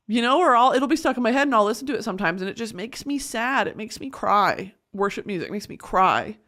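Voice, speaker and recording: A woman's voice: a little high, very animated, brisk, fairly bright tone. A woman hosting a podcast, talking in an earnest, emotional personal monologue. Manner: emotional, earnest, tearful at times. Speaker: podcast host.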